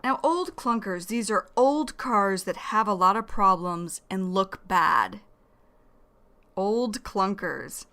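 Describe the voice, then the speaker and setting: Slow, bright-voiced woman teaching English. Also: medium pitch, lively intonation. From United States. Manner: deliberate, repeats key words for learners. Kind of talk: slow explanatory vocabulary lesson.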